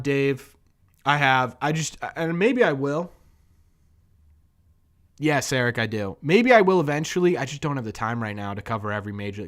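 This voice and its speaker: A man's voice: medium pitch, fairly bright tone. A man hosting a live fan show, chatting casually with viewers, thanking them and answering their questions. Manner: talks to the chat, reads off gifted subs; conversational, hedging. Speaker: host of a fan livestream. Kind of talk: casual livestream chat.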